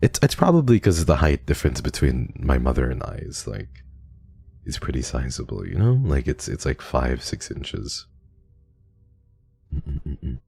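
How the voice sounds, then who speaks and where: A man's voice: extremely low pitch, sing-song, unhurried, gravelly, darkish tone, husky. A man streaming live, chatting casually and telling a rambling story with lots of restarts. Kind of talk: casual livestream chat.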